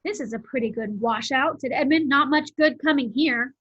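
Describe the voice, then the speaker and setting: A woman's voice: high-pitched, moderate pace, a bit bright, slightly rough. A woman reading the part of a sulky, spiteful younger brother in a storybook read-aloud. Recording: dull lo-fi home recording.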